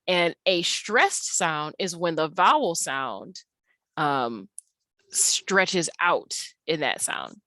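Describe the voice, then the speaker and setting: Woman, English teacher, slightly low voice, patient, drags out key words for emphasis; dry webcam lesson. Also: sing-song, very slow, fairly bright tone, no room sound. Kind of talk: recorded online lesson.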